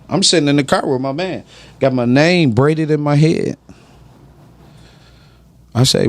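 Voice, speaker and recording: A man's voice: medium pitch, animated, moderate pace, dry recording. A man giving emphatic, preachy personal testimony on a podcast, often asking "right?".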